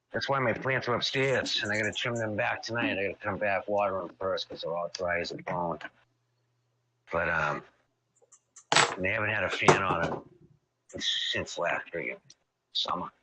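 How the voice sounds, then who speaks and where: A man's voice: lowish voice, noisy background. A man rambling in casual stream chat, swearing offhand and wandering between thoughts.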